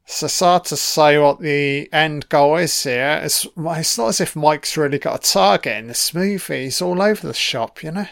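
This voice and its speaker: A man's voice: on the high side, normal speed, gravelly, few pauses, fairly bright tone, no room sound, clean studio sound. A man giving casual, sweary film commentary, sardonic and mocking.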